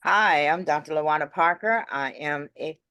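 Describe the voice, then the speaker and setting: A woman from California speaks on a video call with a lower voice and dry, close sound. She halts and restarts as she talks. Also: a bit bright, clear, resonant tone, no room sound, highs cut off. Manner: halting, stumbles over words. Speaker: mentor and speaker. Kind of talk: self-introduction on a video call.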